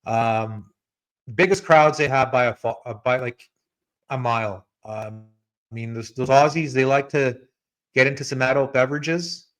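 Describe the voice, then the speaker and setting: A man of middle pitch hosting a podcast in an easygoing, conversational way. He talks loosely and chattily, turning now and then to his co-host as he goes. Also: moderate pace. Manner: relaxed and chatty, addresses co-host by name. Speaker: podcast host giving betting picks. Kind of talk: casual podcast chat.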